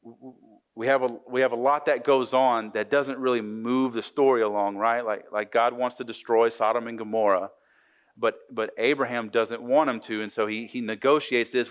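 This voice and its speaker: A man's voice: medium pitch, fairly even intonation, normal speed. Casual joking preacher man, muffled sound. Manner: conversational, joking, frequent restarts. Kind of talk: casual sermon retelling scripture.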